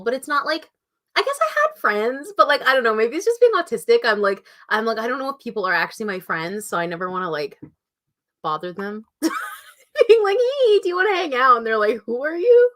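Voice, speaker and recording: A woman's voice: mid-range voice, fairly bright tone. A woman in her twenties with a Canadian accent, chatting casually on a livestream, reading out chat messages and laughing often. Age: 20s. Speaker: writing channel host.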